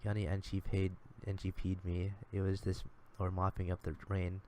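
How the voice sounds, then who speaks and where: A man's voice: low-pitched, monotone, moderate pace, a little mellow, slight background noise. A man streaming live, reading a visual novel aloud in a sardonic, swearing manner.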